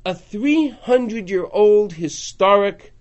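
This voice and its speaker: Animated high-pitched man lecturing. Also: takes it slowly, dull audio. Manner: animated, acts out voices in quotes, rising and falling in loudness. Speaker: teacher. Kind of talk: lecture on a biblical book.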